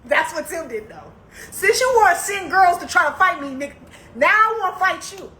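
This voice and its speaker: A young woman with a high, bright voice spins a casual, slangy story for her live viewers. Her delivery swings from calm asides to heated bursts. The sound rings in an echoey room, with faint noise underneath. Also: normal speed. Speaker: live streamer.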